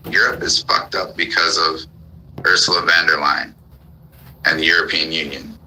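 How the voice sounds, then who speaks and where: Profane ranting deep-voiced man. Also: flat delivery, normal speed, bright, forceful tone, poor audio. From United States. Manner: profane, ranting, repeats commands. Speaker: host of a live audio room. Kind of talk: heated political rant.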